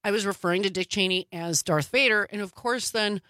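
A woman co-hosting a casual political talk show, with a sarcastic manner and quick asides. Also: medium pitch, bright, forceful tone, no echo.

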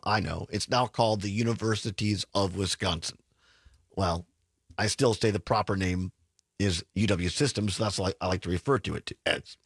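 A man's voice: mid-range voice, slightly rough, no echo. A man, hosting a political talk radio show in a studio, chatty and sarcastic as he tells stories. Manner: chatty, sarcastic, animated storytelling.

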